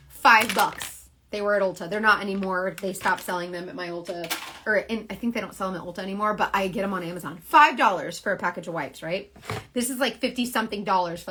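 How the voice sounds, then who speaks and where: A woman's voice: mid-range voice, a bit bright, slightly rough. A woman selling makeup on a casual live stream, talking in a rambling, earnest way with many fillers. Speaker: makeup seller.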